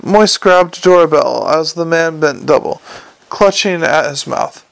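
A man narrating a fantasy audiobook in a measured, wry storytelling manner. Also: a little high, vocal fry, clear, resonant tone, dry recording.

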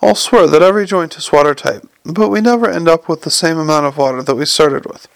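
An eager little tinkerer, earnest and bursting to explain, as a male narrator puts him on. The voice sits a touch high with a gravelly edge, close and dry. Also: fast talker, no room sound. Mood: crestfallen. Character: eager little man, a gadget-loving tinkerer.

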